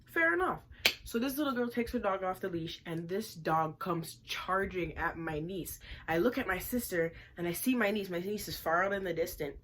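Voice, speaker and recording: Animated woman vlogger telling a story. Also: fairly low pitch, normal speed, hardly any pauses, a little hiss or hum. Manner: animated, emphatic, repeats lines for effect.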